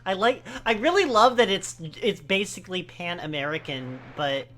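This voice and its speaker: A West Coast American woman co-hosts a game playthrough at a measured pace, faint music in the background. Her commentary is casual, animated and rambling, punctuated by sudden high exclamations.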